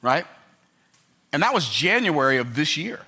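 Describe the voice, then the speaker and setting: An older man delivers a motivational talk to a live crowd in a bright, forceful voice. He tells stories with emphatic repetition and keeps asking the audience whether they follow. His voice sits a little higher than most men's. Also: very animated, measured pace, husky. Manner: emphatic, repetitive storytelling with rhetorical check-ins. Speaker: motivational speaker.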